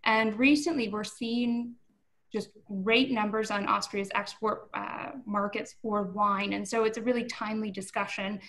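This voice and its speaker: A woman's voice: mid-range voice, steady tone, a little slow, a bit bright. A woman hosting a wine webinar over a video call, introducing her guest in a welcoming way. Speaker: host.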